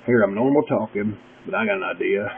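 Man, deep drawling gurgly voice, folksy rambling vlogger, tinny lo-fi audio. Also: a little fast, creaky. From West Virginia. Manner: folksy, meandering, opinionated. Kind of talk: casual rambling monologue. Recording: tinny lo-fi webcam audio with faint hiss.

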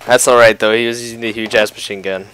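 A young man giving excitable gaming commentary, yelping and reacting to the game as he plays at his computer. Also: medium pitch, fast talker, slight background noise. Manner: excitable, yelps and laughs at the game. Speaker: gameplay youtuber. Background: gunfire from the game.

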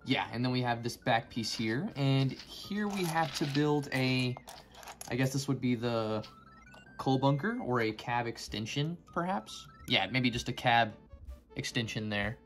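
A man's voice: mid-range voice, unhurried, fairly bright tone, soft background music. A man giving casual commentary on a toy build, rambling and joking as he goes. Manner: rambling, joking, easily sidetracked.

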